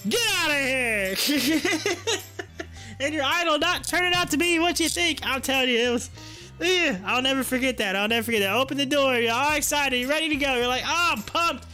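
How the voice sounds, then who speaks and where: A man hosting a live stream and reading viewer chat aloud, animated, laughing often and repeating his phrases. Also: extremely high pitch, moderate pace, soft background music.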